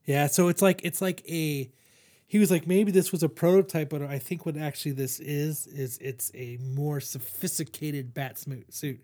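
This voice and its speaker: Young male host, slightly high voice, loose and swearing, lots of restarts. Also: steady tone, measured pace, a little mellow. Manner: rambling, profane, lots of fillers and restarts. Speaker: podcast host reviewing comics. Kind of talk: casual chat.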